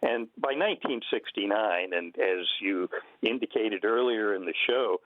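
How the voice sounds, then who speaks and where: An older man talks through a tinny phone connection, his voice sitting low. He explains things in a measured, unhurried way, stopping now and then on fillers. The sound is dry, with no room around it. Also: no echo. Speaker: guest conservation biologist. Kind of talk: radio interview. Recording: narrow phone-line sound.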